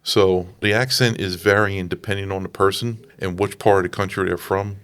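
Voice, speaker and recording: A man with a New Orleans accent speaks in a fairly low voice. He tells anecdotes on a casual film podcast and laughs often as he talks. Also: steady tone, normal speed, fairly bright tone, smooth. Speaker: podcast co-host.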